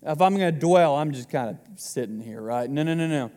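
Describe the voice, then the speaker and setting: A man's voice: a little high, animated, a little fast, mellow, big-room sound. A man in his twenties preaching a sermon to his congregation in a casual, joking way. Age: 20s. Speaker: pastor.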